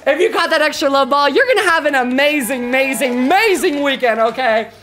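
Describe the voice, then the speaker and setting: A woman livestreamer rambling energetically through a casual sign-off, her voice a little croaky. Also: high voice, a bit bright. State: slightly croaky. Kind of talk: casual stream sign-off chat.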